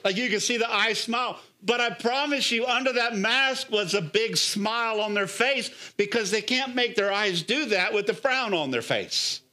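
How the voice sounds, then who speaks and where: A middle-aged male pastor with a high, bright, forceful voice preaches energetically. He coaxes his listeners with rhetorical questions and repeated calls of "come on.". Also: moderate pace, few pauses. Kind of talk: sermon.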